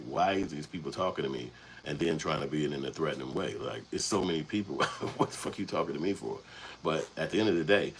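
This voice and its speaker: Male host from Chicago's South Side, very low voice, loose profane storytelling, faint background hiss. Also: rough recording. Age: adult, past young adulthood. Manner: rambling, profane, street-casual. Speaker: channel host. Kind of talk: casual storytelling commentary.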